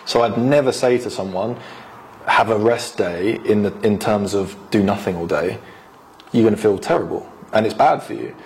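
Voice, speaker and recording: A man co-hosting a casual podcast, giving relaxed health advice and laughing often. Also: lowish voice, normal speed, a little hiss or hum. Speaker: podcast co-host, health coach.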